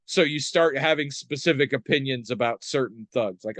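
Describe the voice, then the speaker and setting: A man's voice: mid-range voice, normal speed, fairly bright tone, dry recording. Dry-voiced man rambling wryly. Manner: rambling, wry, many fillers. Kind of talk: casual chat.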